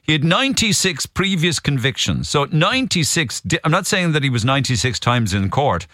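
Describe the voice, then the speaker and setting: Animated Irish radio host. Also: male voice, on the high side, fairly quick, dry recording, studio quality. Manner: animated, incredulous, emphatic. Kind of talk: radio phone-in chat.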